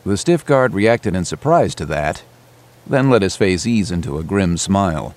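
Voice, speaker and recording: A man reading an adventure audiobook in a steady, measured way. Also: deep voice. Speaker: narrator. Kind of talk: audiobook narration.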